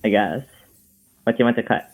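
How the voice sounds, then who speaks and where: A man's voice: fairly low pitch, fairly quick, faint music behind. A man co-streaming a card game, talking in short, hesitant remarks and reluctantly going along. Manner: hesitant, terse, reluctant agreement. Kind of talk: casual gameplay chat.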